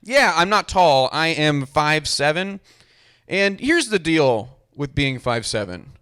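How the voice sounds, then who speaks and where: A man's voice: on the high side, big pitch swings, takes it slowly, pushed and bright, smooth. A young man doing a stand-up comedy set with a dry, self-deprecating delivery. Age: young adult.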